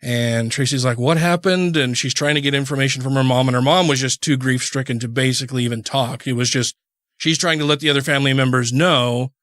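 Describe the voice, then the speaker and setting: A man's voice: medium pitch, fairly even intonation, fast talker, fairly bright tone, no echo. Rambling man telling a story on a podcast. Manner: rambling, many restarts and "you know"s. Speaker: podcast co-host. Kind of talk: casual storytelling.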